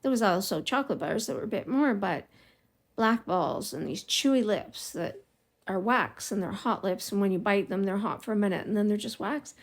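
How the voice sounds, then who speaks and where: A middle-aged woman vlogger telling a childhood story in a casual, rambling way, drifting into side remarks and laughing softly now and then. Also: medium pitch, moderate pace. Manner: rambling and digressive, with frequent small laughs.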